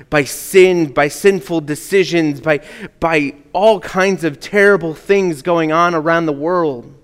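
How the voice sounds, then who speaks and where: A man preaching a sermon in an earnest manner, often dropping to a hush on key words. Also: on the high side, clean tone. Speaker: pastor. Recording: long hall reverb.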